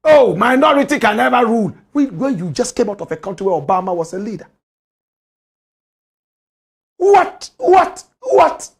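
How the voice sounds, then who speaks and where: A man with a Ghanaian accent hosts a commentary show, launching into an impassioned political rant packed with rhetorical questions. His husky voice is high-pitched and fast, with few pauses.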